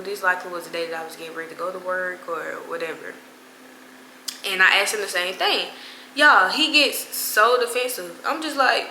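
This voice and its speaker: A woman's voice: medium pitch, moderate pace, pushed and bright, roomy sound, slight background noise, rough recording. A young woman telling a story to her viewers in casual, slangy chat, with laughing asides. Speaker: vlogger.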